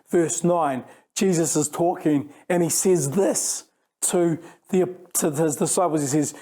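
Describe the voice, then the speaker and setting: A man preaches in a relaxed, conversational way, restarting phrases as he thinks aloud. His voice sits a bit high for a man, yet it sounds warm and mellow. He often acts out the lines of imagined speakers. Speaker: youth pastor. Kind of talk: sermon.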